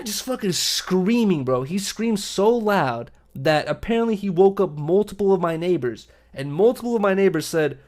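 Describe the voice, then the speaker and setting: A young man with a slightly high voice tells a rowdy story to his livestream chat. He swears constantly and fills his speech with "like" and "bro," keeping things loose and animated. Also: normal speed. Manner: profane, animated, full of "bro" and "like". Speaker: livestream host. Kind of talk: casual storytelling to stream chat.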